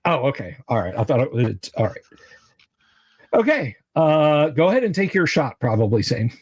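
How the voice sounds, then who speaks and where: A man running a tabletop game as game master, halting with many filler sounds. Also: mid-range voice, sing-song, husky, no echo, highs cut off. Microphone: video call mic.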